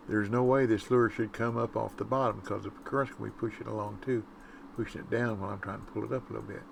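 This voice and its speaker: A man's voice: lowish voice, steady tone, fast, vocal fry, noisy background. A man casually commenting while playing a fishing game, chatting to viewers and humming to himself. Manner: laid-back, chatty, hums and sings to himself. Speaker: gaming streamer.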